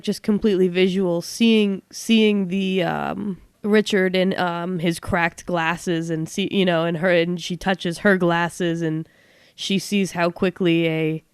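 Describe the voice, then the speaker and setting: A woman on a podcast casually describing her character's reaction, pausing with frequent ums. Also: fairly low pitch, steady tone, clean tone, dry recording, clean studio sound. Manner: hesitant, many ums, talking through her character's reaction. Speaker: podcast player.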